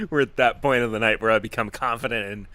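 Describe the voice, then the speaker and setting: A man talks casually through a live-streamed podcast, keeping the tone upbeat and loose. He thanks viewers along the way, and his voice sits at a middle male pitch. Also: animated, moderate pace, sharp tone, no room sound. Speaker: podcast host.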